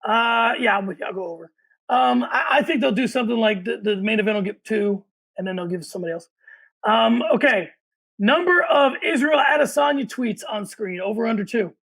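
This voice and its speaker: A man's voice: sits high, brisk, vocal fry, a bit bright, rough recording. A man co-hosting a casual sports podcast, giving opinions and moving the segments along. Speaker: podcast co-host.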